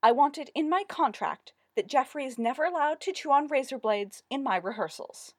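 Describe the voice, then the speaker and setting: A pompous male theatre director, put on by a woman reading aloud makes his demands with condescending self-importance. The voice is fairly high and swings widely in pitch. It sits close and dry, with no room sound. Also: expressive, moderate pace, dry recording. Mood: demanding.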